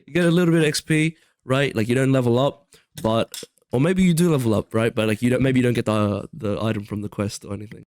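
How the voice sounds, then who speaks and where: A man's voice: mid-range voice, fast talker, a little mellow. A young man co-hosting a podcast in casual chat, rambling with many fillers and restarts. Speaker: podcast co-host.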